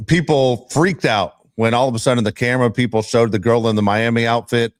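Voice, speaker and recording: A man's voice: mid-range voice, fairly even intonation, brisk, dry recording. Male podcast co-host, exasperated rant, dry close sound. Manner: loud, exasperated ranting. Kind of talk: casual sports podcast rant.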